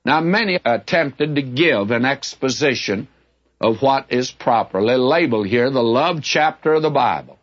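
An older man teaches scripture in a plain, middle-pitched voice, speaking in a candid, folksy way. The recording sounds somewhat muffled and lo-fi, like an old broadcast tape. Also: lively intonation, moderate pace. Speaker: Bible teacher. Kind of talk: Bible teaching sermon. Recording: dull lo-fi recording.

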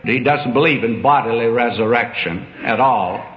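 A man's voice: medium pitch, moderate pace, soft background music. An older man preaching a sermon in a folksy, emphatic storytelling manner. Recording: dull echoey hall recording.

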